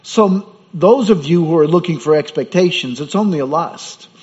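A man's voice: a little high, moderate pace, darkish tone. A man preaching a sermon as pastor, in a conversational way with rhetorical questions. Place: church. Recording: dull sound with hall reverb.

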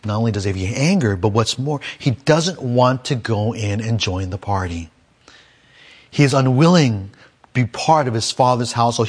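A man's voice: medium pitch, slightly rough. A man preaching a sermon, reading a scripture passage and then explaining it verse by verse, sometimes raising his voice to act out the characters. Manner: acts out the complaining son in a raised voice.

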